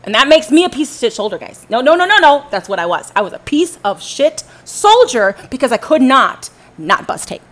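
A woman pours out her own story in a bitter, confrontational monologue. She swears constantly and keeps turning to challenge her listeners directly. Her voice sits a little high. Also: very animated, fairly quick, hardly any pauses, fairly bright tone. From Southern United States. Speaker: podcast host telling her own story. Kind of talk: angry personal monologue.

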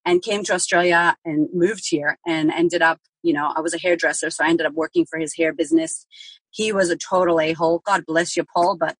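A woman with a lowish, husky voice tells her story candidly as a podcast guest. She speaks frankly and vividly, swears now and then, and acts out the things she said at the time. The recording is close and dry. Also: fairly even intonation, a little fast, no room sound, low-quality recording.

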